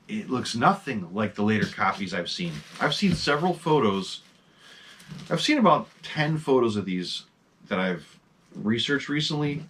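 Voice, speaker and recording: A man casually showing off his mask collection, talking excitedly in a rambling way and swearing now and then. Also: mid-range voice, slight background noise. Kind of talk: casual show-and-tell vlog.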